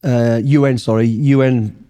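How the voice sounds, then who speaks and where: A man's voice: mid-range voice, steady tone, unhurried, mellow, clear, resonant tone. A middle-aged man from Britain, a former soldier telling blunt, profanity-filled anecdotes in a casual interview. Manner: blunt, heavy swearing, rambling anecdotes. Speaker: guest, former special forces soldier.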